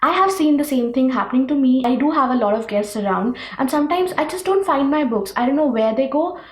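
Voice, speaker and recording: High-voiced Indian woman ranting earnestly. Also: expressive, a little fast, roomy sound, rough recording. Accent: Indian English. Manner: emphatic and earnest, with rhetorical questions. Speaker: book vlogger. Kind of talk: rant-style vlog talk to camera.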